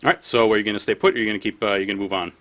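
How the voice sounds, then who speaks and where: A man narrates a tabletop game as game master, halting and full of fillers. His voice is on the low side, with a bright, forward tone. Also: fairly even intonation. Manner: hesitant, many fillers, narrates and voices townsfolk.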